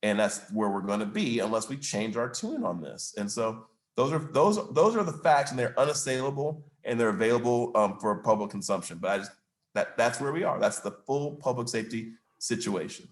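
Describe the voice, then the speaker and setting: Emphatic man as a city mayor making his case, medium pitch, recorded in a reverberant room. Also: animated, normal speed. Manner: emphatic, argumentative, stresses facts and figures. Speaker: mayor speaking at a chamber of commerce event. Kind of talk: public Q&A answer. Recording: roomy, echoey room.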